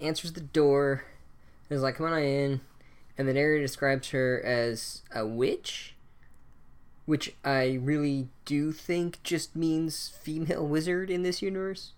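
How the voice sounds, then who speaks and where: A man rants through a book chapter in a sarcastic, profane comedic recap. His voice sits a little high, and he swears constantly as he mocks the story. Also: steady tone, a little slow.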